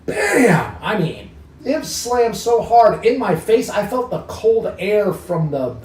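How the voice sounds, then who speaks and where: A man's voice: high-pitched, slow. A middle-aged man, a homeowner telling a story in an interview. He acts out what he said back then and swears freely. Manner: animated, acts out his own past lines, swears freely. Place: inside a house. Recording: roomy sound from a distant mic.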